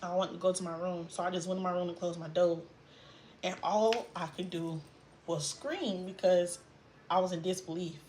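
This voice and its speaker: A young woman telling a painful personal story in a vlog, halting and trailing off as she fights tears. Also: fairly low pitch, fairly even intonation, darkish tone, slight background noise. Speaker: vlogger.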